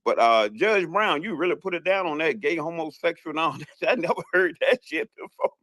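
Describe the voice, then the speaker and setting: A man's voice: fairly high pitch, expressive, fairly quick, fairly bright tone, dry recording. A man with a Southern US accent calling into an online audio room, talking bluntly and emphatically with plenty of profanity. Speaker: caller. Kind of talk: casual call-in chat.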